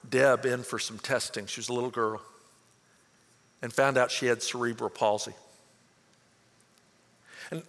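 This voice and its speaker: A man's voice: mid-range voice, fairly bright tone. Preaching man in an echoing hall. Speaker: pastor. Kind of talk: sermon. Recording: long hall reverb.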